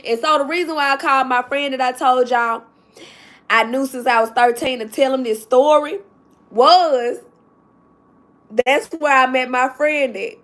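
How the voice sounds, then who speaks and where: Tearful high-voiced woman telling a story. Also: measured pace, a bit bright. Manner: tearful, laughing through tears. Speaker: vlogger. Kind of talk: emotional story time to viewers.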